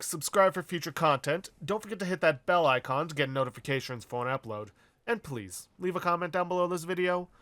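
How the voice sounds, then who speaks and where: A man's voice: on the high side, a bit bright, dry recording. A man hosting a let's play video, giving an upbeat sign-off. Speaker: host.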